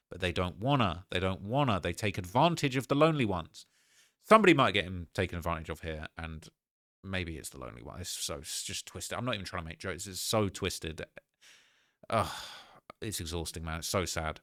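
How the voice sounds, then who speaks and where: A man giving animated reaction commentary on a video, often repeating phrases for emphasis. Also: low-pitched, brisk, dry recording, studio quality. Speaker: commentary YouTuber.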